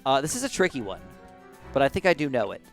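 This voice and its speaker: A man's voice: medium pitch, huge pitch swings, quick pace, soft background music. A man in his twenties chatting casually over gameplay, rambling through a story and acting out what people said. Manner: chatty, rambling anecdotes with acted-out quotes. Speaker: gaming YouTuber.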